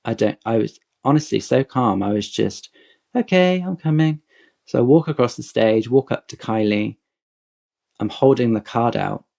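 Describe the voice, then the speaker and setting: A man's voice: lowish voice, moderate pace, gravelly. A man in his forties telling a long fan story in a casual podcast chat, acting out quotes as he goes. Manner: animated, digressive anecdote with acted-out quotes.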